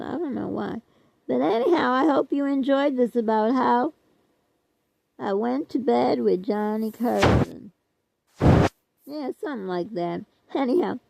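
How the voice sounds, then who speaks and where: A woman's voice: on the high side, gravelly, a little mellow, no echo, highs cut off. An older woman vlogger chatting casually to her viewers, rambling and self-deprecating, often trailing off with "I don't know.".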